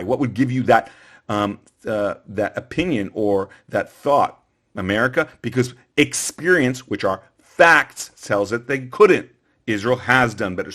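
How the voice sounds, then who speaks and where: A man giving an opinion monologue as a political commentator, emphatic and repetitive, with frequent fillers and restarts. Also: medium pitch.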